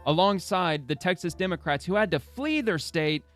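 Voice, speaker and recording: A man's voice: high voice, lively intonation, moderate pace, faint music behind, pitched above the performer's own voice. A man doing a whiny, overly earnest woman politician giving a speech at a podium. The voice sits well above his own and lays on a mocking sincerity.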